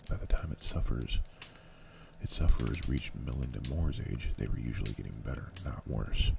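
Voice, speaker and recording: Very deep gravelly ASMR reader. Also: male voice, moderate pace, distant mic, background noise. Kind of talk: ASMR audiobook reading. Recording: steady keyboard clicks behind.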